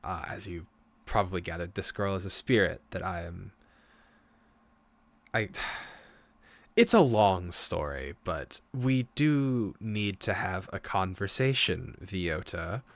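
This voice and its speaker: A man voicing a weary, reserved masked man who talks in a tired, sighing, measured way. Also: low voice, vocal fry, no echo, exaggerated voice.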